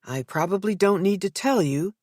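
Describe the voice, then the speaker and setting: A woman doing a calm, measured therapist. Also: mid-range voice, dry recording, studio quality, voice pushed up, lightly acted. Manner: gentle, measured.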